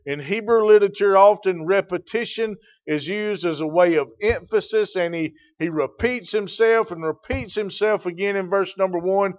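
A man preaching a sermon, moving from quiet teaching to loud, emphatic declarations. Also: high voice, moderate pace, few pauses, lo-fi sound. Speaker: pastor.

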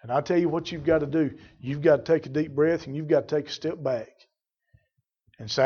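Fervent preacher, lo-fi recording. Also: male voice, fairly high pitch, a little fast, breathy edge. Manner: fervent, rising to loud emphatic bursts. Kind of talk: sermon. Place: church.

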